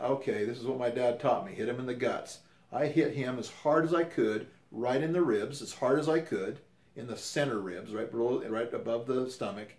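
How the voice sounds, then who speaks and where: A man in his fifties, with a medium-pitched and slightly mellow voice, casually tells a personal story in a conversational way. He rambles and corrects himself as he goes, and the recording has a roomy echo.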